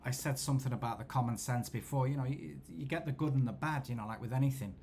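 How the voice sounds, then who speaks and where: A man, host of a football watchalong, telling rambling, self-deprecating stories in a low-key casual chat. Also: quick pace, vocal fry, a little mellow, slight background noise. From England.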